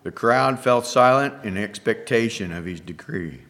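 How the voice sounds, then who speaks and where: A man preaching by telling an allegorical story, reading in a hushed, dramatic way with slow pauses. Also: mid-range voice, animated. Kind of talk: sermon storytelling.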